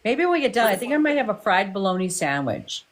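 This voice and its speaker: A woman's voice: mid-range voice, sing-song, fast. A woman hosting a live stream as a psychic medium, chatty and playful, teasing her guests in casual chat.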